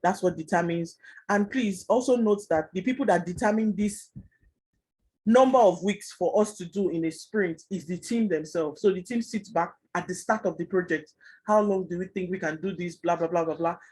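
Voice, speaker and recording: Fast-talking husky man teaching. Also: high voice, a little mellow, poor audio. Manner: fast, chatty explaining with fillers. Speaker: Scrum trainer. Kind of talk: online class lecture.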